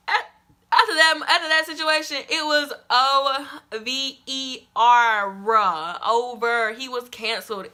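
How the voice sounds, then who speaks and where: A young woman vlogger telling a story-time tale to her viewers, dramatic and animated, calling out to them as y'all. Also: on the high side, slight background noise.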